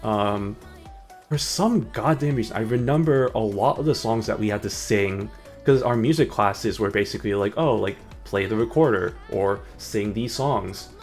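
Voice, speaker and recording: Gravelly low-voiced guy rambling. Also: normal speed, a little mellow, soft background music. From United States. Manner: rambling, self-mocking, breaks into sung snippets. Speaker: streamer. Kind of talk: casual gameplay commentary.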